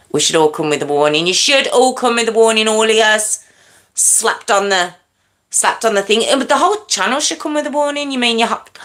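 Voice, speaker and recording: A woman chats with her live viewers in a bright, sparkling voice that swings up and down all the time. She talks in loose, apologetic bursts and sometimes drops to a whisper. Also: on the high side, animated, a little fast. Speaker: livestream host. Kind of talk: casual live chat with viewers.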